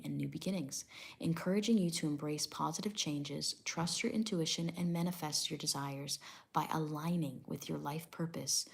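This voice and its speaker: A tarot reader with a low, gravelly voice gives a casual reading, hedging constantly with "I don't know" and "I'm getting that vibe." She reads the meanings of numbers aloud from her tablet.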